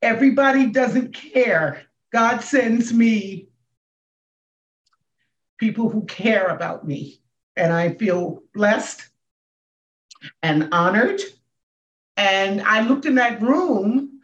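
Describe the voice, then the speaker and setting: A woman in her sixties, a comedian and speaker, telling her story as a podcast guest with emphatic swings in pitch and volume. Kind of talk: emotional storytelling in a podcast interview. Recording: echoey, dull room sound.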